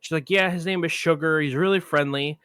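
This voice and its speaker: A man's slightly high, clean voice comes through a dry recording at a fairly quick pace. Co-hosting a film podcast, he tells a long anecdote in casual talk, animated and acting out the voices of people he quotes.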